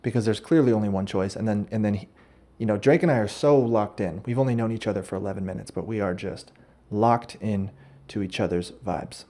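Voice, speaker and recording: Brisk and hardly pausing, a man with a lowish, mellow voice hosts a podcast. His monologue is a rambling, absurd comic story, often interrupted by his own corrections.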